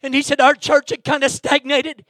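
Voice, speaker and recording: A man preaching an impassioned sermon in a church, breaking into shouts and dropping "amen" between lines. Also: very high voice, little pitch movement, normal speed, no echo, studio quality. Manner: fervent, bursts into shouting, peppers lines with "amen". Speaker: guest preacher. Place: church sanctuary.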